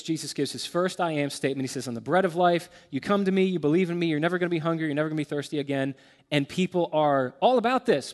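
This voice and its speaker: Man preaching in a reverberant hall. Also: a little high. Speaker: pastor. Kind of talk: sermon.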